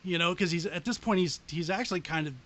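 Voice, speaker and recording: A man co-hosting a podcast, describing a favorite scene in excited, profane casual chat. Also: high-pitched, fast talker, lo-fi sound. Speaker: podcast co-host.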